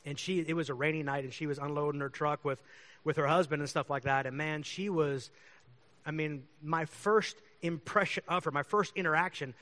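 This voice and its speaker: A pastor, a man, tells neighborhood stories in easygoing, rambling chat. His voice sits a bit high for a man, and he chuckles often as he goes. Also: fairly even intonation, a little fast, pushed and bright. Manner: chatty, rambling, laughs often. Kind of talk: casual storytelling.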